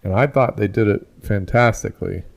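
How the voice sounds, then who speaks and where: A man co-hosting a film podcast, talking in a slow, thoughtful and reflective way with some restarts. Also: on the low side, vocal fry, highs cut off. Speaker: podcast co-host. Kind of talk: casual film discussion.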